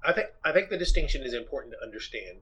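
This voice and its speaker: A man in a casual Bible study discussion who speaks in a measured, careful way. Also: mid-range voice, animated, pushed and bright, husky, rough recording. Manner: measured, careful, halting with fillers.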